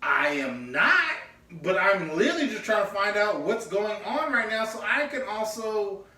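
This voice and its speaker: A man co-hosting a podcast in casual chat, telling a story with lively energy and acting out both sides of a conversation. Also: high-pitched, normal speed. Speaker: podcast co-host. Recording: echoey room, mic at a distance.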